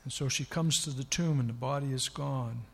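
A man's voice: medium pitch, fairly quick, creaky, slightly rough. A man preaching a sermon, retelling scripture with dramatic, rising emphasis. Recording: long hall reverb.

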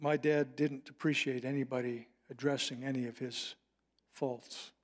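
A middle-aged man preaching a sermon, mixing Bible teaching with a personal story and slowing down to stress key phrases. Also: mid-range voice, steady tone. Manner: earnest, personal storytelling with slowed emphatic phrases. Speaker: pastor.

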